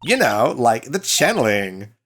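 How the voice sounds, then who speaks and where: A man's voice: sing-song, unhurried, a bit bright, a little hiss or hum. A man voicing a bubbly, ditzy young female college student in a put-on Valley Girl accent, full of "like". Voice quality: high, breezy, filler-heavy "like" talk.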